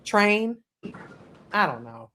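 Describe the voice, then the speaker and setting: A woman's voice: mid-range voice, very animated, takes it slowly, sharp tone. Chatty woman co-hosting a podcast. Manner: chatty, loose, trails off mid-sentence. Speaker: podcast co-host. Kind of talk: casual panel chat, reading viewer messages.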